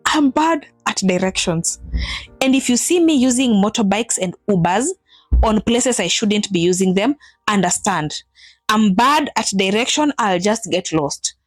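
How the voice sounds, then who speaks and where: A woman in her thirties tells a personal vlog story in an animated way, acting out what people said with big jumps in her voice. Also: unhurried, no room sound, faint music behind. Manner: animated, acts out quotes with big pitch jumps. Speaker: vlogger telling a personal story. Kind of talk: emotional storytelling to camera.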